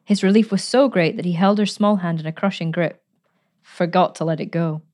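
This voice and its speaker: A woman narrating a story in a measured, expressive reading voice. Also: fairly low pitch. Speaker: audiobook narrator. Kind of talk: scripted narration.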